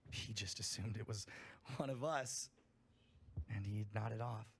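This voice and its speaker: A man's voice: fairly low pitch, measured pace, slight background noise. A man reading a campfire horror story aloud in an emphatic storytelling manner, full of swearing.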